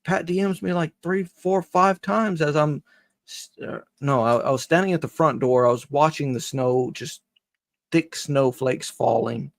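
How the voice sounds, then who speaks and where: A man's voice: on the high side, a little slow, creaky, no room sound. A man chatting casually on a live stream, rambling and joking and swearing freely.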